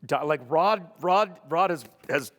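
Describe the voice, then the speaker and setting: A man's voice: a little high, expressive, a little slow, long reverb tail. A man hosting a casual theatre interview, teasing his guest and laughing often. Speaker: host.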